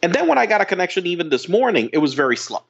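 A woman co-host talking over a dull, lo-fi internet call, her voice husky and breathy. She swings her pitch widely and stammers through restarts, cursing freely as she grumbles. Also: big pitch swings, racing. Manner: profane, exasperated, stammering restarts. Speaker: podcast co-host. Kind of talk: casual chat. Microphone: remote call line.

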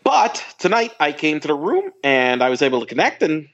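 Speaking over a remote call line, this woman co-hosts a podcast in casual conversation, cursing freely, exasperated and tripping over stammered restarts. She has a deep voice with big pitch swings and a fairly quick pace, and the recording is muffled.

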